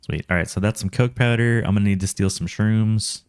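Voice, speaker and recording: Deep-voiced Texan man streaming a game. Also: a little fast, a little mellow, clear, resonant tone, no room sound. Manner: chatty, laughs often, talks to himself and chat. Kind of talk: casual gameplay commentary.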